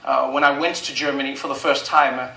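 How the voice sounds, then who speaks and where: A young South African man doing stand-up on a late-night show, animated and slipping into character voices. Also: brisk, gravelly. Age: 20s. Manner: animated, jumps into high-pitched character voices for quoted people. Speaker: stand-up comedian. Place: television studio stage. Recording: echoey studio with audience noise.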